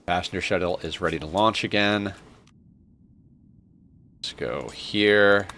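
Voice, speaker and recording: Male streamer, lower voice, morning-groggy, rambling and enthusiastic, casual gameplay commentary. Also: slow pace, pushed and bright, a little hiss or hum. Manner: rambling, enthusiastic, lots of fillers.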